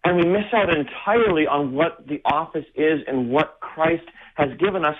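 A male Lutheran pastor preaches in an earnest, emphatic way, leaning hard on key words and slowing down to stress them. His voice sits at a middle pitch for a man. The audio is thin and tinny, like a phone line heard over the radio. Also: slight background noise. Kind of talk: sermon-like teaching.

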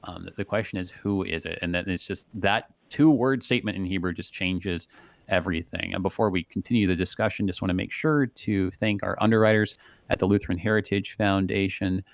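Male pastor-host, low voice, dry studio, chatty explanatory delivery with "right?" tags. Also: steady tone, fairly quick, creaky, no room sound. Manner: conversational, frequent "right?" tags. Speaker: radio show host, pastor. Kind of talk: casual theological discussion.

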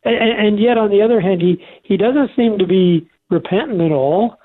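Earnest older man on a phone line. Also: high-pitched. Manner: earnest, halting with many restarts. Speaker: radio show co-host. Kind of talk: conversational faith talk.

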